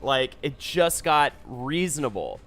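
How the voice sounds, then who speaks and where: A man streaming a video game, chatting casually, swearing freely and reacting loudly to the gameplay. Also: medium pitch, sing-song, measured pace. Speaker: Twitch streamer.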